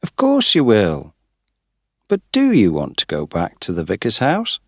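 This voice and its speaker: A man's voice: lowish voice, wildly swooping pitch, measured pace, breathy edge, no room sound, studio quality, pitched above the performer's own voice, exaggerated voice. A man doing an eager, reassuring young man.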